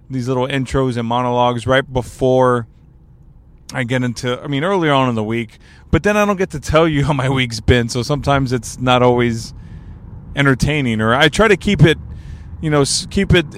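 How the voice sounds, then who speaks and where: A man in his thirties from Texas talks through a loose podcast monologue from behind the wheel of his car. His voice is smooth and resonant, with a middle pitch. He rambles and restarts, tossing in self-deprecating jokes along the way. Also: fairly bright tone. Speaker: podcast host. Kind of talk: casual solo monologue. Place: in a driving car. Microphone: portable recorder with mic.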